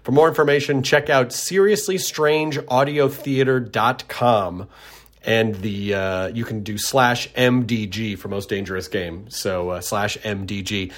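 A man's voice: lowish voice, steady tone, a little slow. Chatty rambling man hosting a podcast. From Tennessee. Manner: rambling, self-deprecating, with frequent restarts. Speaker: podcast host. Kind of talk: casual chat.

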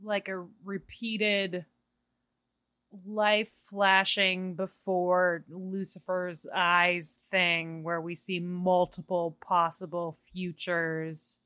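Woman talking really slow, smooth bright voice, dry sound. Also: on the low side, level tone, no room sound. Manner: slow, halting guesses. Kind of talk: casual chat.

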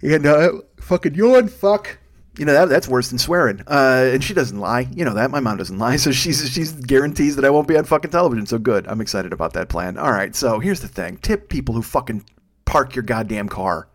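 A man's voice: medium pitch, lively intonation, fairly quick. A man in his fifties hosting a podcast with a profane, self-deprecating, rambling comedic monologue. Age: 50s. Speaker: podcast host.

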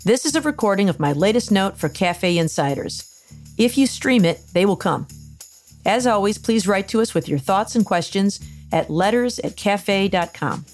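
A woman of middle pitch reads her own opinion column aloud as the show's host. Her delivery is measured and earnest, lifting now and then for emphasis. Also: animated, faint music behind. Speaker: columnist reading her newsletter note. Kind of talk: read-aloud opinion essay.

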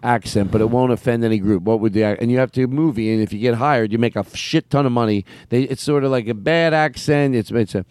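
A man's voice: mid-range voice, fast talker, hardly any pauses, a little mellow, dry recording. Playful man hosting a comedy podcast. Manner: playful, slips into silly put-on voices. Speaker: podcast host. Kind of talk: casual comedic banter.

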